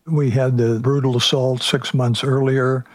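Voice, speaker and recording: Measured male prosecutor recounting a case. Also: medium pitch, level tone, no echo. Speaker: prosecutor guest. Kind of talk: casual retelling of a case.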